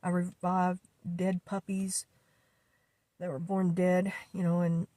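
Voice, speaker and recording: Older woman vlogger, low mellow voice, halting emotional monologue, dry close sound. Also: flat delivery, dry recording. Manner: halting, emotional, many fillers and restarts. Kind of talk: personal vlog monologue.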